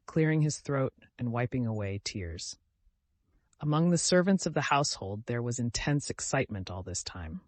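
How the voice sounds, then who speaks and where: A man narrating a classic novel as an audiobook, calm and measured, lifting his voice for the dialogue. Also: mid-range voice, no room sound.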